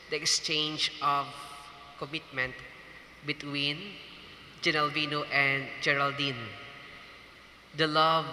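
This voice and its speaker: A man with a Filipino accent, officiating a wedding and giving a slow, emphatic homily. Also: fairly high pitch, sharp tone, a little hiss or hum. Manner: slow emphatic preaching with banter. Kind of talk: wedding homily mixing English and Hiligaynon. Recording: echoey reverberant hall, distant ambience.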